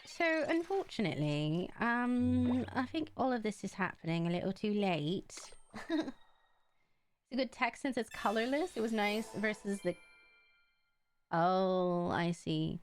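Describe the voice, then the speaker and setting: A young woman streaming a card game, chatting casually in an animated way and laughing often. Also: mid-range voice, a little slow, faint music behind. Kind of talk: casual chat while playing a card game.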